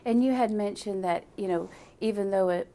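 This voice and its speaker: A woman's voice: medium pitch, moderate pace, dark tone. A woman interviewing a guest, encouraging her with frequent short affirmations.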